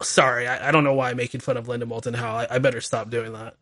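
Bright-voiced chatty male talk-radio host. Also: mid-range voice, level tone, quick pace, few pauses. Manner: rambling, chatty, with laughing asides. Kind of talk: casual call-in talk radio.

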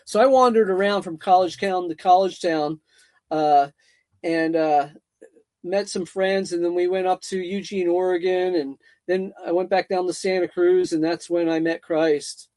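A man's voice: sits high, steady tone, normal speed, a little mellow, no room sound. A middle-aged man telling his story as an interview guest, rambling with many repeats and fillers.

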